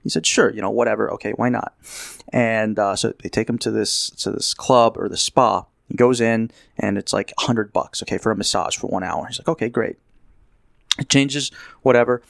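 A man's voice: fairly low pitch, normal speed, creaky, dry recording. A man telling a long rambling anecdote in a casual chat, acting out what people said. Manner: rambling storyteller, acts out quotes. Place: Las Vegas.

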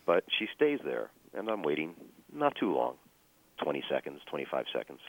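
A man telling a personal story as a guest, measured and full of fillers and restarts. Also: very deep voice, very animated, creaky, low-quality recording.

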